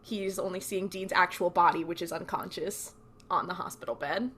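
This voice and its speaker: A young adult woman co-hosting a podcast, recapping episodes in animated casual chat full of "like". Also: lowish voice, moderate pace, a little hiss or hum. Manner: animated storytelling, fills speech with "like". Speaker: podcast co-host.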